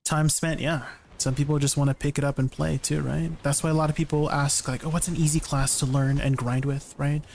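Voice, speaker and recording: A man's voice: a little high, little pitch movement, fairly quick, creaky, hardly any pauses, a little mellow, slight background noise. Chatty male game streamer. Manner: chatty, answers chat questions, tags sentences with "right?". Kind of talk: casual livestream chat while gaming.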